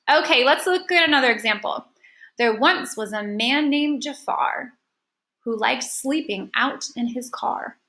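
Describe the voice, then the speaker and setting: A woman teaching children in an online lesson, her voice pitched a little high and sharply bright. She checks in with her students and claps out syllables with them. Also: gravelly, low-quality recording.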